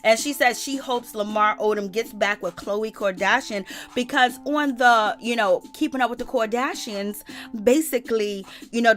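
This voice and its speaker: A woman telling celebrity gossip in a casual, animated way. She exclaims often, swears, and laughs as she retells what others said. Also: medium pitch.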